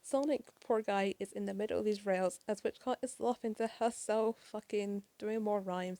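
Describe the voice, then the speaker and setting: A tired woman doing a casual late-night comic review, rushed and apologetic and swearing often. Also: mid-range voice, fairly even intonation, mellow, no room sound.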